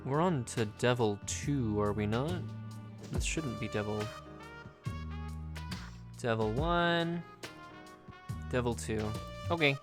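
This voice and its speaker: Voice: mid-range voice, takes it slowly, pauses often, a bit bright, faint music behind. A streamer chatting casually through a live game stream, joking and swearing offhand.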